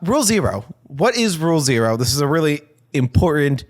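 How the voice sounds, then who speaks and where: A man's voice: fairly high pitch, very animated, brisk. A man hosting a casual comedic chat, teasing his co-hosts and laughing often. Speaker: podcast host.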